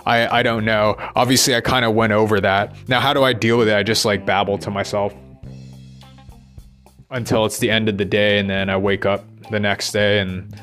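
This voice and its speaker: A man's voice: on the low side, level tone, normal speed, a bit bright, faint music behind. A man thinking aloud in a rambling personal monologue, restless and swearing as he questions himself.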